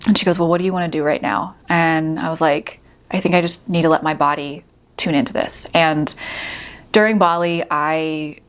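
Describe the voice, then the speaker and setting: A woman with a slightly low voice tells a personal story as a podcast host. She talks casually and reflectively, often filling her sentences with "you know" and "like". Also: fairly even intonation, moderate pace. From United States. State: teary at moments.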